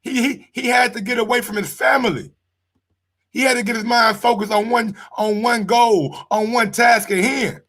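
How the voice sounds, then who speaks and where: A man runs a sports reaction live stream. His voice sits fairly high for a man. He talks loudly and excitably, swears freely and calls out to his viewers as if they were in the room with him. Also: moderate pace. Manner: excitable, loud and profane, talks straight to viewers. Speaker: sports channel host.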